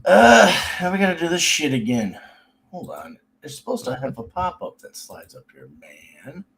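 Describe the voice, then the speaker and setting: A man's voice: on the high side, huge pitch swings, normal speed, fairly bright tone, breathy edge. A man co-hosting a live comic reading stream, laid-back and swearing casually. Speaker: co-host.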